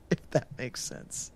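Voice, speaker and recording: A man co-hosting a film podcast, talking in a rambling, halting way with frequent restarts as he searches for words. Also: darkish tone, no echo. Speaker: podcast co-host. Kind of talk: casual film discussion.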